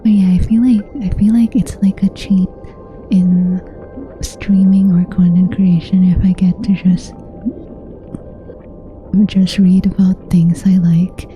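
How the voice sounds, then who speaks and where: Slow, very mellow whispering woman streamer. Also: fairly low pitch, level tone, soft background music. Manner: playful, teasing, giggly. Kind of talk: whispered ASMR chat.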